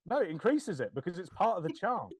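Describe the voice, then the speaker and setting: Animated man with lively pitch. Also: fast talker, breathy edge, dry recording. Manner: animated, laughing, swears, acts out quoted lines. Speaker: podcast co-host. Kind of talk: casual chat.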